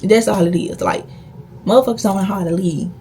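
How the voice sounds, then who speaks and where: A woman's voice: medium pitch, brisk, mellow, slight background noise. A young woman vlogger telling a personal story in a blunt, profane, emphatic way. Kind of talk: casual storytime.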